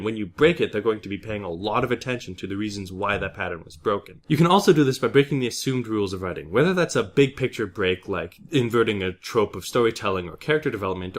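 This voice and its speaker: A young man hosting a writing vlog, giving a brisk scripted lesson with emphatic stresses. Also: on the low side, a bit bright. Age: young adult. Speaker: vlog host teaching writing. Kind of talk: scripted explainer. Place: new indoor space.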